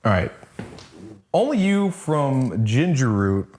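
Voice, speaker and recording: Relaxed, hesitant male podcast co-host. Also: mid-range voice, slow pace, slight background noise. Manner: relaxed, hesitant, lots of fillers. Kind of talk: casual album review chat.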